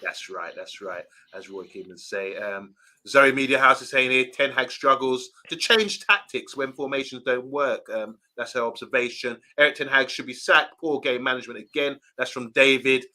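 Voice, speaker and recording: Man, host, live fan reaction chat, reads comments, gives shout-outs, very bright tense voice. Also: mid-range voice, moderate pace. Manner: chatty, shouts out viewers by name. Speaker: host reading viewer comments.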